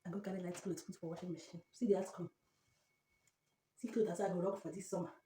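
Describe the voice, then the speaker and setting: A woman's voice: on the low side, steady tone, fast talker, mellow, a little hiss or hum. Exasperated Nigerian woman ranting. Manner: exasperated, dramatic, repeats herself. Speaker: vlogger. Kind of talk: ranting vlog to camera. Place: home, indoors by the washing machine. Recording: echoey room, mic far off.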